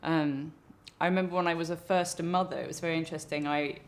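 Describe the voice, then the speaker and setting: Creaky-voiced woman, thoughtful. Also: deep voice, fairly even intonation, fast talker. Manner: thoughtful, wandering, with restarts. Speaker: interviewee, artist. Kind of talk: reflective interview talk.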